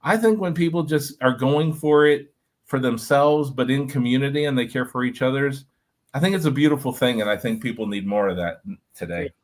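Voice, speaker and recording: A former reality show contestant, a man, telling an animated story to a group, talking with lots of fillers and "like". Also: mid-range voice, brisk. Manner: energetic, filler-heavy, lots of "like".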